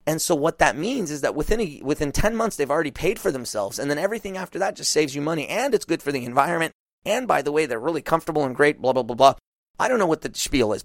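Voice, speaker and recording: Man, business coach, animated, fairly high voice, acts out client lines, dry close sound. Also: quick pace, no echo.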